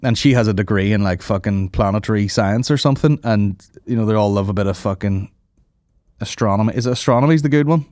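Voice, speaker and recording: A man's voice: fairly low pitch, fast, darkish tone, no echo, clean studio sound. A man hosting a comedy podcast, telling rambling sweary stories in casual banter. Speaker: podcast host.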